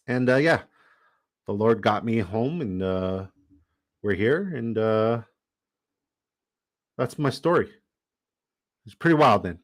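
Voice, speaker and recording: Guy with a lowish voice rambling a story to his viewers, keeps saying like. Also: slow, pauses often. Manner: animated, rambling, lots of "like". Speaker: fantasy football streamer.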